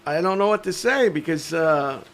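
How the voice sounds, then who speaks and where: A man's voice: a little high, animated, normal speed, a bit bright. A man hosting a casual podcast, asking rambling questions full of fillers. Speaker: podcast host. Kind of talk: casual chat. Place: comedy club room.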